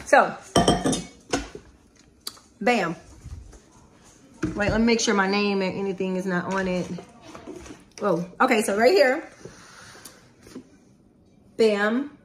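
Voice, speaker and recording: A woman's voice: medium pitch, slow, long pauses, a little hiss or hum, poor audio. A woman vlogging in a candid, heartfelt way from home. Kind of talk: casual vlog chat. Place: indoors at home.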